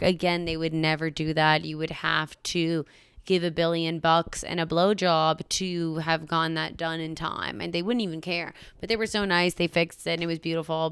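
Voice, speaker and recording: A young adult woman comedian and podcast host, telling stories in a casual, brash and profane way, with quick mock-voiced asides. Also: on the low side, a bit bright, smooth, dry recording.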